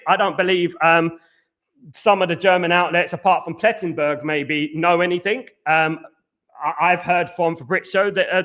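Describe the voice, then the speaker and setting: Host type: man, out of breath, high bright voice, chatty, keeps saying "absolutely.". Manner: chatty, repeats "absolutely" and "big up". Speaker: host of a football live stream. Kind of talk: casual live-stream chat reading viewer comments.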